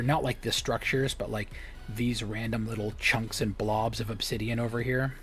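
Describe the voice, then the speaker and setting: A young adult man streaming a game, chatting casually with rambling, joking stories and whispered asides. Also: medium pitch. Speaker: live streamer.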